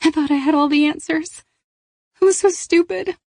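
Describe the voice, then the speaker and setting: Audiobook: panicky, defiant teenage runaway, read by a woman, pitched well up. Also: normal speed, no echo, clean studio sound. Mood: panicked.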